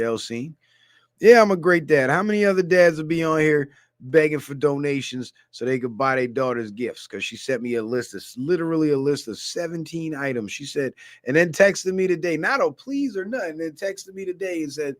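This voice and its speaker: A man's voice: fairly high pitch, normal speed. A middle-aged man hosting a livestream, telling stories in a loose, casual way with plenty of swearing. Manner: loose, swearing storyteller, animated asides. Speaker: livestream host.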